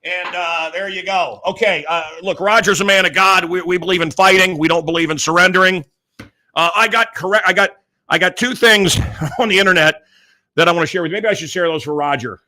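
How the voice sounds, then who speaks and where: Male show host, rambling loose monologue, fairly high and bright-toned, hops between topics. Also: a little fast. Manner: rambling, jumps between topics with many fillers. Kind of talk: casual monologue.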